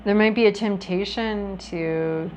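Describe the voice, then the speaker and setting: A woman's voice: medium pitch, measured pace, darkish tone, a little hiss or hum, low-quality recording. A woman giving a casual tarot reading to her viewers, talking in a chatty, reflective way with frequent ums and restarts. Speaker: tarot reader.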